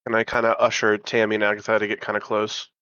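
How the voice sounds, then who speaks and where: A man playing a tabletop game in a relaxed, easygoing way. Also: lowish voice, fast, smooth, no room sound, muffled recording. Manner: relaxed, laughs easily. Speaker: player. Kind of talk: casual tabletop play.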